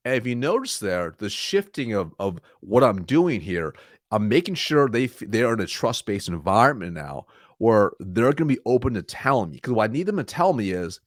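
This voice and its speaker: A man's voice: mid-range voice, no echo, clean studio sound. A man guest on a podcast, a sales trainer talking energetically and acting out sales dialogue. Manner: energetic, acts out sales dialogue in quick asides. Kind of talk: conversational interview.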